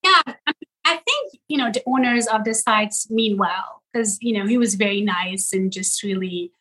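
A middle-aged woman from Iran, a social media creator talking in an interview in an animated way and checking in with the listener as she goes. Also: medium pitch, breathy edge, rough recording. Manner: animated, talks in quick bursts and often checks in with "right?". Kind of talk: casual interview chat.

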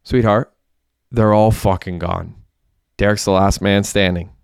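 A man's voice: lowish voice, fairly even intonation, a little slow, gravelly, clean tone, dry recording, studio quality. A man doing a sneering male gunman. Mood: mocking. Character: cold, mocking male gunman.

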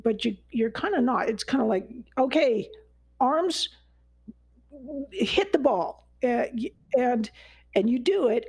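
A woman's voice: fairly high pitch, creaky, dark tone, slightly rough, dry recording, low-quality recording. A woman expert chatting about how learning works, rambling with many restarts and fillers. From United States. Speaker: neuroscience guest expert. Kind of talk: conversational explanation.

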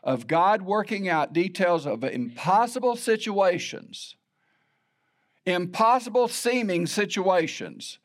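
A man's voice: high-pitched, animated, slow. A middle-aged man preaching a sermon in a conversational, storytelling way with self-deprecating humor. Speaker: pastor.

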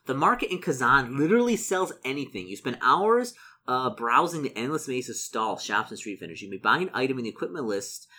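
A man plays through a solo tabletop adventure, reading rules and shop lists aloud. He gets excited easily and mutters through his sums. His pitch stays lively and animated. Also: a little fast. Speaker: solo tabletop game player. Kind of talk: casual narration of a solo gamebook.

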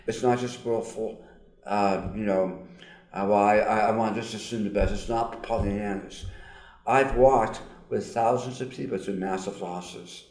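Brief: older man with lowish voice and slightly altered diction from surgery, earnest testimony, roomy echo. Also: darkish tone. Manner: earnest, emphatic, with frequent pauses and fillers. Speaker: guest, psychologist. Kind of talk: personal testimony in an interview.

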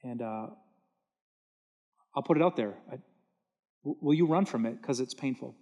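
A man's voice: medium pitch, moderate pace, dark tone, dull audio. A man preaching a sermon from a church stage, earnest and emphatic, repeating words for stress. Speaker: pastor.

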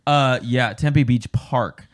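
A young man co-hosting a casual podcast chat, joking and swearing, getting excitable. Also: medium pitch, slow pace. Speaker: podcast co-host.

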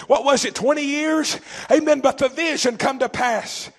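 A fervent preacher, a man from East Tennessee whose voice sits unusually high for a man. His tone has a gravelly edge. He shouts passages, then drops to a low, intense register. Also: normal speed, hardly any pauses. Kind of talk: sermon.

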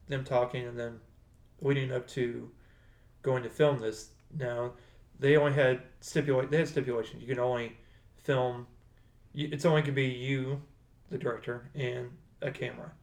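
Man, mid-pitch, casual rambly co-host, roomy echo on the track. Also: fairly even intonation, moderate pace. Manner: rambling, self-correcting. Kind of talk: casual chat.

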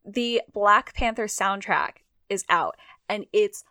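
A woman's voice: medium pitch, slow, pushed and bright, dry recording. Chatty young woman, dry close sound. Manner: chatty, self-deprecating, with frequent restarts. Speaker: podcast co-host. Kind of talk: casual chat.

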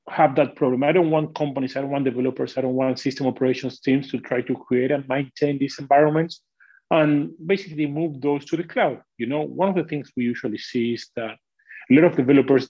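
A man at a medium pitch explaining technical matters as an interview guest. He talks fluently and conversationally, and his voice comes through a dull, muffled, lo-fi recording. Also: a little mellow. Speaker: guest, product manager.

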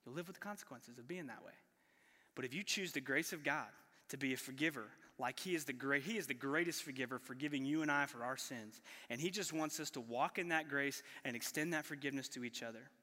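A man's voice: mid-range voice, fast, bright, forceful tone, in a large hall. A man pastor preaching a sermon in a conversational way, putting rhetorical questions to the congregation. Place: church sanctuary.

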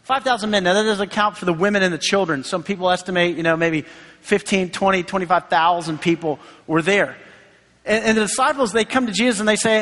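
Man, pastor, high voice, sermon, chatty, long hall reverb. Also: fairly quick, a bit bright. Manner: conversational, acts out quoted voices.

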